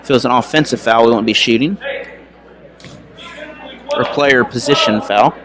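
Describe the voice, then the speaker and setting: A young man giving casual, chatty play-by-play for a high school basketball game, now and then correcting himself. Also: moderate pace, a crowd in the background. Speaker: play-by-play announcer. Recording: noisy gym recording.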